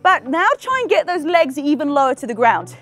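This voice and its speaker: A woman's voice: high-pitched, very animated, a little fast, a bit bright, faint music behind. Upbeat English woman leading a workout. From England. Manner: upbeat, laughing often, counting down reps. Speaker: fitness instructor. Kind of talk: leading a workout, chatty cues.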